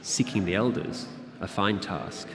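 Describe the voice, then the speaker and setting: A man's voice: lowish voice, unhurried, crowd noise. A man voicing a graceful, aloof female fae creature who speaks in a lilting, archaic way, recorded in a roomy hall with an audience. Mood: curious, detached. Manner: lilting, archaic, curious then hissing.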